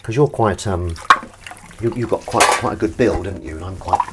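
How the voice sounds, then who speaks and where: A man's voice: sits low, brisk, noisy background. Rambling man chatting over kitchen sizzle. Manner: rambling, self-mocking, chatting to viewers. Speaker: livestream host washing up. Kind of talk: casual live-stream chat. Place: home kitchen at the sink. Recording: clear kitchen sizzle and clatter behind. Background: frying and sizzling food, clinks.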